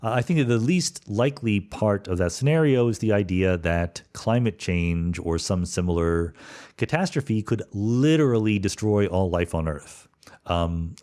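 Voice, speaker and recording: A man's voice: on the low side, a little mellow. A middle-aged man from suburban Philadelphia hosting a solo podcast, answering listener questions in a thoughtful, rambling way with fillers and self-corrections.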